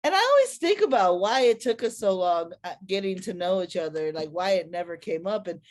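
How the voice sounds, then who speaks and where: A woman telling a personal story to an audience in a lively, slangy, conversational way. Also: on the low side, a little fast.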